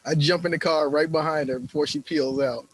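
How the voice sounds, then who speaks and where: A man playing his character in a tabletop game, speaking casually with halting restarts. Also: a little high, steady tone, slightly rough, poor audio. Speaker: player.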